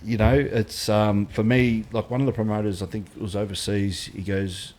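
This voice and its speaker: A middle-aged Australian man with a fairly low voice tells fight stories in a blunt, sweary way. He drops into quoted lines as he goes, and the chat stays relaxed and unscripted. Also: moderate pace, few pauses, slight background noise. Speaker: guest, former fighter. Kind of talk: casual podcast chat.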